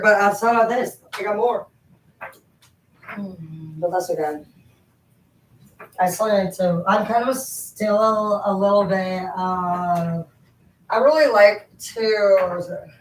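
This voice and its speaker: Brief: woman vlogger, mid pitch, rambling and profane storytelling, roomy sound, mic at a distance. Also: a little hiss or hum. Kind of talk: casual rambling chat while cleaning.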